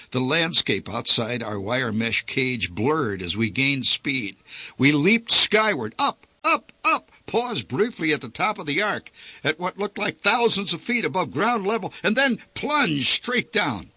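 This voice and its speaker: A man's voice: a little high, sharp tone, breathy edge, no room sound. A man narrating a story aloud, with vivid, theatrical storytelling delivered close to the mic. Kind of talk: dramatic story reading.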